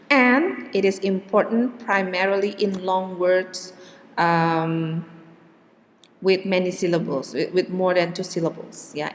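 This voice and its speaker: A woman's voice: medium pitch, slight background noise. A woman teaching an English pronunciation lesson, speaking patiently, checking in with "okay" and repeating words with exaggerated stress. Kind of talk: recorded pronunciation lecture. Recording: long hall reverb.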